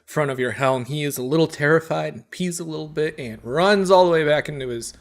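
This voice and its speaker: A man narrating as dungeon master, lively and quick to laugh. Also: fairly high pitch. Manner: laughing often, animated narration. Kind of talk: narrating a tabletop game.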